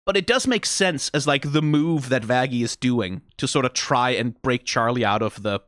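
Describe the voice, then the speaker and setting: A man hosting a reaction video, talking through the animation in a casual, animated way, full of "like" and "right?" and the odd curse. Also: medium pitch, moderate pace, no room sound, studio quality. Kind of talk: casual analytical commentary.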